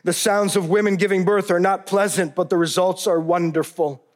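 A man's voice: high-pitched, steady tone, normal speed. Earnest man reading a memoir aloud. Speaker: narrator. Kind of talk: first-person memoir reading.

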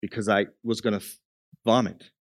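A man's voice: lowish voice, steady tone, normal speed, no room sound, studio quality. Man preaching a story with rising passion. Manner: builds from quiet storytelling to impassioned preaching. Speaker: pastor. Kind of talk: sermon.

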